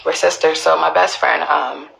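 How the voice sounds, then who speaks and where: A woman's voice: sits low, steady tone, normal speed, vocal fry, a bit bright, low-quality recording. A woman, telling her own story to viewers in an emphatic, profane way. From Queens, New York. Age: early 20s. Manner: emphatic, profane, restarts often.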